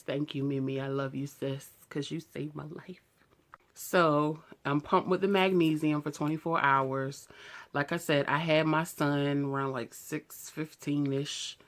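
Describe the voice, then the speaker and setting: A woman in her thirties talks straight to her viewers, candid and animated. Her voice sits low and full. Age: 30s. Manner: candid, animated retelling, heated when quoting herself. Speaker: beauty vlogger. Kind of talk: casual storytelling to camera.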